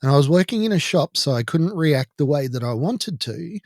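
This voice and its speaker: A man's voice: a little high, animated, moderate pace, no echo, clean studio sound. A man from Ireland with an Irish accent, telling a personal story in an indignant, heated way as a podcast host. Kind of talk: personal monologue.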